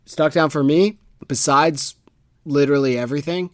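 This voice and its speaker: A man's voice: fairly high pitch, moderate pace, dry recording. A man co-hosting a book podcast in casual chat, ranting with exasperated sarcasm. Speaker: podcast co-host.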